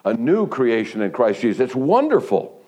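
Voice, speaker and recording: Male preacher, sermon delivery, mid-pitch voice, animated storytelling that climbs high when excited, frequent restarts. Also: normal speed, muffled recording. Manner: restarts and stumbles, laughs between phrases. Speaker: pastor.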